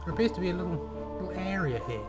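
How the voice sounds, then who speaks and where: A man's voice: sits high, animated, racing, over loud music. A man playing a video game and commenting on it in a chatty way, reading in-game text aloud in a theatrical tone. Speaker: video game let's player.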